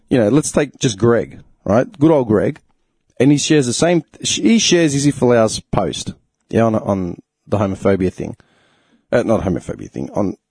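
A young Australian man on a podcast, ranting with blunt, profane indignation. His voice is dark and a little husky, and it sounds dry and close to the mic, with little room sound. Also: medium pitch, dry recording. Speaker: podcast host. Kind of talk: casual opinion rant.

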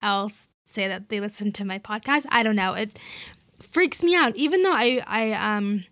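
A woman's voice: mid-range voice, moderate pace, a bit bright, no echo, studio quality. A woman hosting her podcast, talking casually in an upbeat, chatty way with playful emphasis. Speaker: podcast host.

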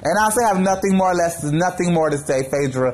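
A high-sitting male voice rants at a quick pace in a gossip commentary vlog, with faint music in the background. His delivery is sassy and sharp-tongued, brash and full of profanity.

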